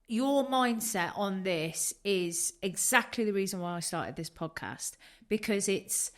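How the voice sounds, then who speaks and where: A woman's voice: medium pitch, expressive, a little slow, a bit bright. A woman hosting a podcast, affirming and encouraging her guest in a supportive conversation. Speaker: podcast host. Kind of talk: supportive interview chat.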